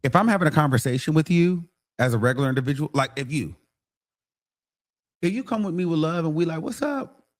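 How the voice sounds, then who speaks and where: A man talks straight to his livestream viewers, blunt and animated, his voice sitting a little above the usual male range. He breaks off now and then to mimic other people. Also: on the high side, fast talker, long pauses. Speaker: livestream host. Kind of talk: casual commentary to viewers.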